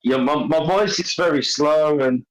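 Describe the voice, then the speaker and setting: A man co-hosting a podcast, slow and drawling, a bit tipsy. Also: fairly high pitch, slight background noise, poor audio. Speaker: podcast co-host. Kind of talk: casual livestream chat.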